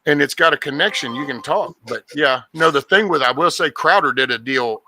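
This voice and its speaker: A man's voice: fairly high pitch, fairly quick, pushed and bright, a little hiss or hum, rough recording. A man hosting a casual podcast chat, talking bluntly and profanely, rambling and restarting his sentences.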